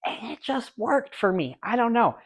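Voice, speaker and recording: A man's voice: very high voice, big pitch swings, normal speed. An eager young man in his late twenties chats through a casual movie review vlog. His talk is loose and rambling, full of restarts, asides and gushing enthusiasm. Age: late 20s.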